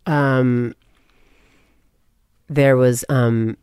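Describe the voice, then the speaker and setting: A woman from California, speaking as a podcast guest, tells a personal story in casual conversation and acts out what people said, doing voices for each quote like an animated storyteller. Her voice sits in the bass range and moves extremely slowly, with a clean tone captured in a dry, studio-quality recording.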